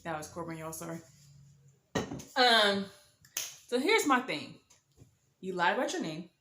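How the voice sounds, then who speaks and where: A woman's voice: on the low side, very animated, a little slow, pushed and bright, echoey room, a little hiss or hum. A young woman telling a dating storytime in a sassy, dramatic way, full of slang and mock-shocked asides. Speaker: storytime vlogger. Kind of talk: animated storytime monologue.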